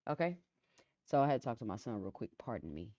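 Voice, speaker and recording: A woman hosting a casual live stream who chats with viewers, reads out their comments and often repeats her phrases in a calm, low-key way. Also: quick pace, no echo. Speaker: livestream host. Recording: dull lo-fi sound, dry.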